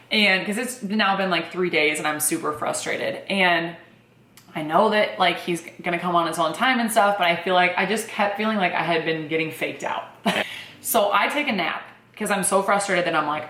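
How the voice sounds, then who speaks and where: A young woman tells a personal story in a relaxed, chatty way, peppering it with fillers. Her voice sits a little low for a woman, and the room around her rings with echo. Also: normal speed. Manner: chatty, animated, many fillers like "like" and "um". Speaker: vlogger telling her birth story. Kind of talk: casual storytelling.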